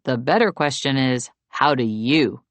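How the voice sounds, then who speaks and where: A woman's voice: a bass voice, a little slow, no room sound. A woman reading an audiobook, voicing a blunt young man who answers curtly and dismissively. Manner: curt, dismissive.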